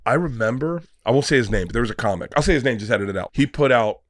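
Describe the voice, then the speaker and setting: A man who is a comedian guest on a podcast, telling stories in a casual, animated way, acting out the voices in his stories and swearing freely. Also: medium pitch, rapid-fire, no echo. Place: podcast studio.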